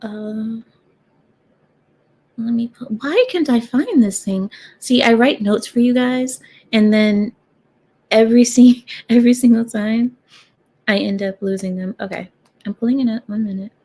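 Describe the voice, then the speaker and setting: A woman's voice: on the high side, measured pace, pauses often, mellow. A young woman talking straight to her viewers in a sarcastic, rambling vlog rant. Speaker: vlogger. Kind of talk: casual talking-head rant.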